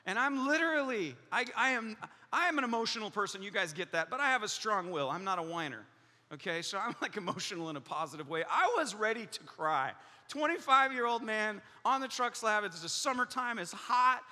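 A male pastor delivers a sermon in a big hall, his sound trailing off into a long reverb. His voice is high and sharply bright, and he tells stories with animation, acting out other people's lines and laughing along the way. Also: brisk. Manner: animated storytelling, acts out voices, laughs often. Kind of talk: sermon with personal story.

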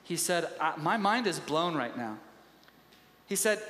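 A man's voice: fairly high pitch, animated, unhurried, long pauses, bright, forceful tone. A man preaching a sermon, telling stories in a conversational way with frequent restarts. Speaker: pastor. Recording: echoey church hall reverb.

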